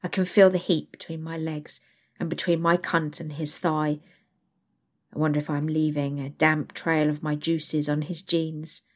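A woman reading a first-person erotic story aloud in a hushed, intimate storytelling manner. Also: sits low, flat delivery, unhurried. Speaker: narrator.

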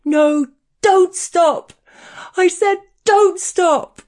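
A woman's voice: extremely slow, darkish tone, heavily acted. A woman doing a shrieking desperate man. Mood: anguished. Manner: shrill, pleading, frantic. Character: desperate shrieking young man, frantic and pleading.

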